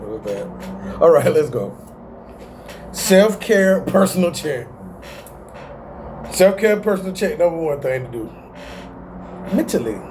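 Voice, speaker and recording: A man's voice: medium pitch, mellow, a little hiss or hum. A man hosting a casual self-help video, talking animatedly in slang and often laughing at himself. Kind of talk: casual motivational talk to camera.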